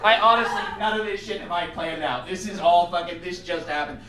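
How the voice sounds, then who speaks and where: A man's voice: sits high, brisk, background noise. A man from the United States doing a stand-up comedy set, swearing freely and rambling, laughing at his own lines as he goes. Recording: roomy sound picked up from a distance.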